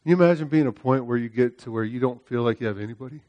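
This middle-aged preacher delivers his sermon rapid-fire, emphatic and full of repeated phrases and frequent "right?" checks. He shifts from loud, high exhortation to hushed storytelling, recorded with a dry, close, lo-fi sound and no room echo.

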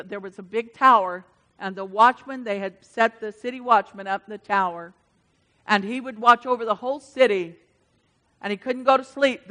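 A woman preacher giving a fervent sermon, calling out to the congregation and swinging from shouts to hushed asides. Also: fairly high pitch. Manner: addresses the congregation directly.

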